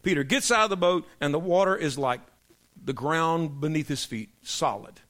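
A man preaching a sermon, telling joke stories in a folksy way, then building into loud emphatic preaching. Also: on the high side, normal speed. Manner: folksy storyteller, swings from soft asides to loud emphatic preaching.

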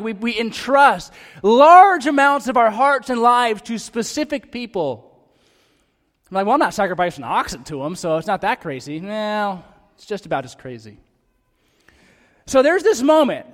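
A male pastor with a high voice delivers a sermon in a reverberant hall. He's animated and acts out the voices of the people he quotes.

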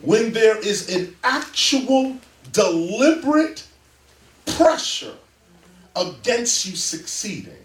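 Animated high-voiced man lecturing a crowd. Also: slow. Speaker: interview guest. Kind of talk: talk before a live audience. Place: public library event room. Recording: roomy, distant mic.

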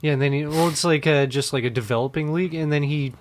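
A man's voice: on the high side, steady tone, fast talker, a little hiss or hum. A man co-hosting a comedy podcast, telling rambling stories with crude jokes and frequent laughter. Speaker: podcast co-host. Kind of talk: casual comedy chat.

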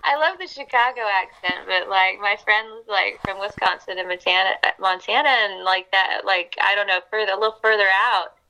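A young woman from Atlanta chatting as an interview guest, animated and talkative, full of "like". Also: medium pitch, normal speed, few pauses, a little hiss or hum, low-quality recording. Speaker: guest actress. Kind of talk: casual interview chat.

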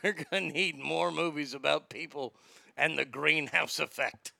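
A late-forties man hosts a live show in a crude comic rant, jumping from loud outbursts to low mutters. His voice sits high with a gravelly rasp and a sharp, bright edge. The sound is dry and close. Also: fairly even intonation, moderate pace, dry recording. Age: late 40s. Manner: profane, mocking, swings between loud outbursts and mutters.

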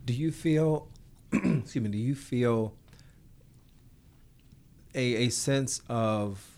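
A man interviewing an artist, framing his questions thoughtfully with many pauses and fillers. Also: medium pitch, a little mellow. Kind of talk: conversational interview.

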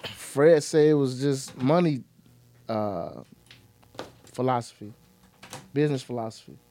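A man's voice: medium pitch, measured pace, mellow. Easygoing podcast co-host, man. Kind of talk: casual podcast chat.

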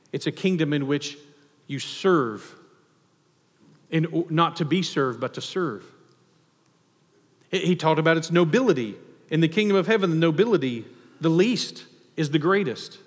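A male pastor with a slightly raised voice preaches in a church. He talks in a lively, conversational way and acts out the people he quotes. His voice rings with a long hall reverb. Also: fairly high pitch, normal speed, long pauses, breathy edge. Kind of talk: sermon.

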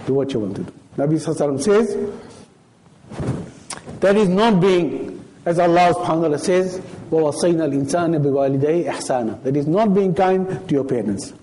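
A man's voice: on the high side, lively intonation, rapid-fire, dark tone, a little hiss or hum, rough recording. A middle-aged man giving a sermon at a mosque, telling stories and quoting Arabic verses with rising and falling emphasis. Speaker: sheikh giving a talk at a mosque.

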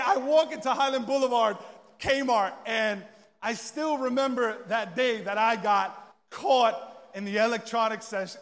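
A young man preaching a sermon, telling a funny story and acting out the dialogue with lots of energy. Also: very high voice. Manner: animated, joking, acts out dialogue. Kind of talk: sermon storytelling to a live audience. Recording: long reverb of a large hall.

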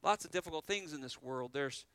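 Bright, clear-voiced male pastor preaching. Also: on the high side, fairly quick, no echo. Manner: earnest preaching with frequent rhetorical questions. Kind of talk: sermon.

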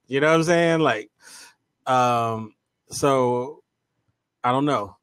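A man's voice: mid-range voice, slow, fairly bright tone, smooth, dry recording. A man co-hosting a casual talk show, chatting loosely and reading viewer comments aloud, with many fillers and restarts. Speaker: co-host.

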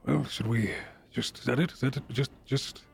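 Gravelly man, dry and wry. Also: mid-range voice, fairly even intonation, moderate pace, faint music behind. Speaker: player. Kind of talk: playing a character in a tabletop game.

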